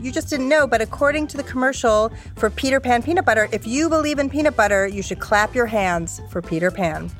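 A woman's voice: fairly high pitch, fairly bright tone. A woman hosting a podcast game show in a bubbly, playful way. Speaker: quiz show host.

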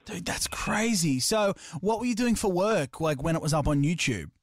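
An Australian man hosting a casual interview, eager and chatty, firing off quick questions. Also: high voice, no echo, clean studio sound. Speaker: radio host.

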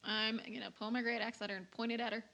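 Woman, tabletop player, intense, measured, slightly high voice. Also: little pitch movement, gravelly, bright, forceful tone. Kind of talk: tabletop role-play.

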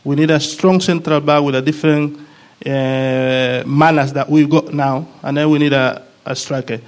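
Man, former player on a panel, halting delivery, repeats himself, voice a bit high. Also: steady tone. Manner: halting, repeats words while searching for them. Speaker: guest, former player of the club. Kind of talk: casual panel chat.

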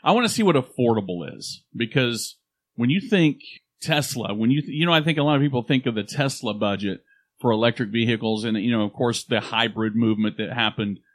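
A man's voice: mid-range voice, brisk. A man co-hosting a podcast in casual chat, with a projected radio-style delivery and frequent restarts. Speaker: podcast co-host. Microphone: studio microphone.

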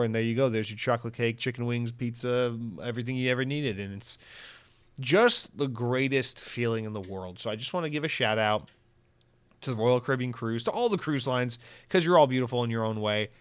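Man, podcast host, casual rambling chat, swears a lot, animated, mid-pitched voice, dry close sound. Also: clean tone, dry recording. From Central Florida.

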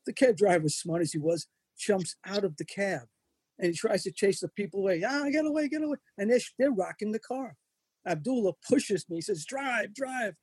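A man's voice: high-pitched, brisk, husky, no room sound. An older man telling wrestling-road stories as an interview guest, acting out the voices of the people in his anecdotes. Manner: animated anecdotes, acts out quoted voices. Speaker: wrestling photographer and magazine editor. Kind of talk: storytelling in an interview.

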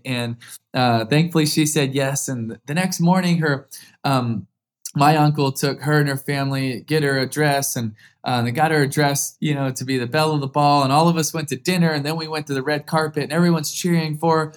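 Fairly high-pitched and brisk, a man in his thirties who once played quarterback tells a heartfelt story about himself during an interview. His energy rises as the story builds.

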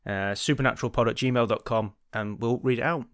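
A man's voice: medium pitch, brisk, dry recording. Male podcast host, crude and rambling, dry close mic. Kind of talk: casual chat, joke telling.

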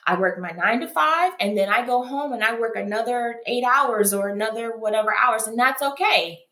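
A woman being interviewed, telling her story in an animated way and acting out what people said. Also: fairly high pitch, normal speed. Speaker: guest, founder of a foot care brand. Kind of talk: casual interview conversation. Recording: echoey room.

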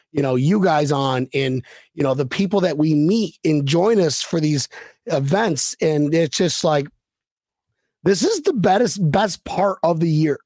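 A man co-hosting a casual fan podcast, rambling and excitable as he tells stories and slips into joking accents. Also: a little high, no echo. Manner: excitable, rambling storyteller, does jokey accents. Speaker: podcast co-host. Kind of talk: casual banter.

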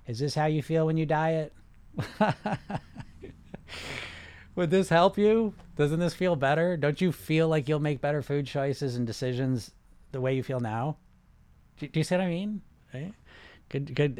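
Male coach, a bit high, rambling and animated, live-chat host who turns to calm relaxation cues, dry close sound. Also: normal speed, long pauses, no room sound. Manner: rambling, animated, with frequent restarts and "right?". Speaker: weight-loss coach and podcast host.

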